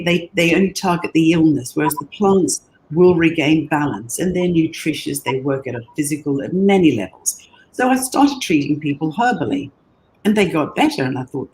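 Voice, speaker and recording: A woman's voice: deep voice, a little mellow, slight background noise. A woman talking as an interview guest, telling her story earnestly and enthusiastically, often repeating words as she thinks. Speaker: guest, brand designer.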